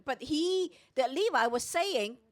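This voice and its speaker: High, lively woman preaching a sermon. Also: slow. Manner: retells scripture with voiced dialogue. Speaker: preacher at morning prayer. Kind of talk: Bible teaching sermon.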